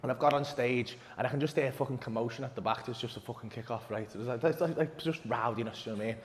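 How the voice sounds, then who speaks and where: A young man doing stand-up storytelling, animated, swearing constantly and laughing through his lines. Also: mid-range voice, quick pace, echoey room, big-room sound. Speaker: stand-up comedian. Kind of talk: stand-up storytelling, then casual chat. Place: live venue stage.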